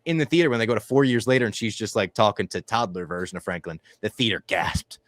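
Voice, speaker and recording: A man's voice: fairly low pitch, fast talker, few pauses, a bit bright, no echo. A man co-hosting a podcast, talking animatedly through a casual movie review and swearing freely. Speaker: podcast co-host.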